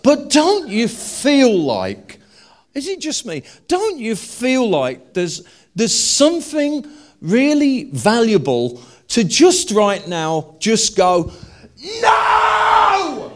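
A man preaching a humorous sermon to a live congregation. He jokes and then builds to loud, emphatic declarations. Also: sits high, wildly swooping pitch, slow, a faint crowd.

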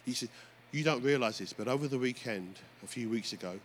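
A man preaching a sermon as pastor, telling stories with lively energy and calling out to the congregation. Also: mid-range voice, brisk. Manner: animated storytelling preacher, often addressing "folks". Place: church. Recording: faint background noise.

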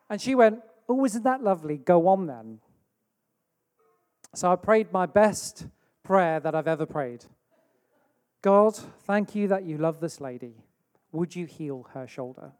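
English preacher in a reverberant hall. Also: male voice, high voice, a little mellow. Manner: storytelling with acted-out asides. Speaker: pastor. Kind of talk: sermon. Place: church hall.

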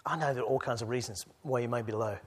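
A male preacher giving a sermon to a church gathering, moving between quiet reflection and loud exhortation. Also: mid-range voice, fast, slightly rough.

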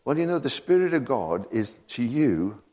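A man's voice: medium pitch, sing-song, normal speed, a little mellow. A man preaching a sermon, full of rhetorical questions and laughing asides.

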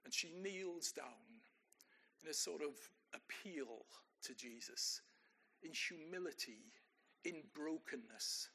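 Lively high-voiced older male preacher. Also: takes it slowly, a little hiss or hum. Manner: conversational, asks the congregation rhetorical questions. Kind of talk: sermon.

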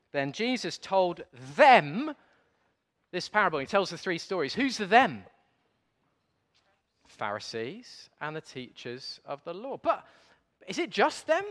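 A man preaching a playful sermon, getting the congregation to join in and joking at his own slips. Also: high voice. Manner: lively, playful, self-deprecating. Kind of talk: sermon with audience participation. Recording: long hall reverb.

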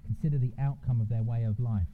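A man's voice: medium pitch, steady tone, fast talker, narrow, tinny audio. A man giving a conversational sermon, informally checking in with his listeners. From England. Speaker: preacher. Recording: noisy church recording.

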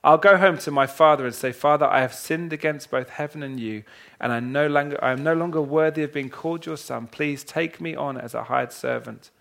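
A man preaching to a congregation with a somewhat high voice. He tells a parable dramatically, dropping to a hush and then rising loud. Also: brisk, gravelly. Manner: dramatic, swings from hushed to loud. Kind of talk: sermon reading and retelling a parable. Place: church hall with a congregation.

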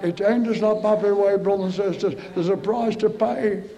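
High-voiced preacher, fervent. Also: male voice, normal speed, vocal fry, dark tone, dull audio. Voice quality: emotional, pleading delivery with repeated stammered starts.

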